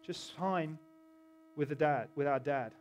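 A middle-aged pastor preaches casually in a church hall, interrupting himself and trading jokes with the congregation. His voice is on the high side, unhurried and a little mellow, with slight background noise.

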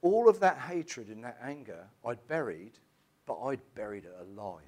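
A middle-aged man, telling his personal testimony in a church in an emotional, halting way with many restarts. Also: mid-range voice, big pitch swings, darkish tone. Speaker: church member giving testimony.

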